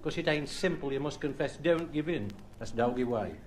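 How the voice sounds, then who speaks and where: A man's voice: on the high side, normal speed, a little hiss or hum. A man with a Black Country accent, a comedian reciting rhymes and telling stories in a chatty way. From Black Country, England. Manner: rhyming dialect recitation; chatty storytelling. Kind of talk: stand-up recitation and anecdote.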